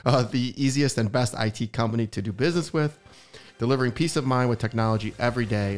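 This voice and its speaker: A man's voice: mid-range voice, fast talker, music in the background. A man hosting a podcast, chatting casually with his guest in an emotional, openly sincere and emphatic way. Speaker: podcast host. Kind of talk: casual interview chat.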